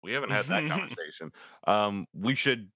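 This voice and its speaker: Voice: mid-range voice, a little fast, slightly rough, no echo. A young adult player in a tabletop game, talking casually and swearing often. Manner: laughing, swears, animated.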